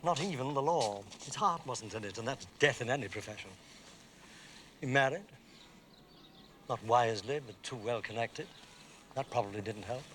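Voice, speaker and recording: An older actor playing a clipped, drily ironic senior barrister, in a film drama. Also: male voice, medium pitch, moderate pace, pauses often, fairly bright tone, slight background noise, lightly acted. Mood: wry. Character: dry, worldly old English barrister.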